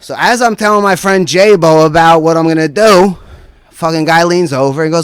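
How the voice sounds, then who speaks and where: A man's voice: fairly high pitch, moderate pace, smooth, no room sound. A man performing a stand-up routine as a guest comedian, rambling through a profane story and tossing in constant "right?" asides.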